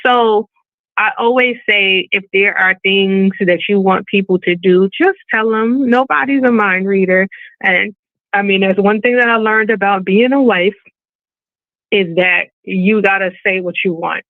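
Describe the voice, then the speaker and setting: A woman presents on a video call in a casual, talkative way, with plenty of fillers and playful acted-out quotes. Her voice has a slight gravelly fry. The sound is dry and narrow, like a phone line. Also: mid-range voice, unhurried, no room sound. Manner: chatty, filler-heavy, acts out quoted voices. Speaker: webinar presenter and balloon event business owner. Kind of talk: casual online presentation with slides. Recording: phone-like webinar audio, dry.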